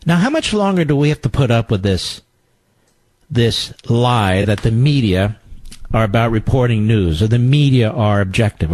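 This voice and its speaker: A man's voice: fairly low pitch, darkish tone, no echo, low-quality recording. A middle-aged man hosting a talk radio show, delivering a combative, sarcastic political commentary monologue.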